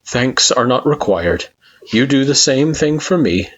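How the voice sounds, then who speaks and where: A man's voice: medium pitch, lively intonation, a little slow, pitched above the performer's own voice. A man playing a stiff, formal young spirit. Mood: gentle. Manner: formal, clipped and no contractions. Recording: dull lo-fi recording.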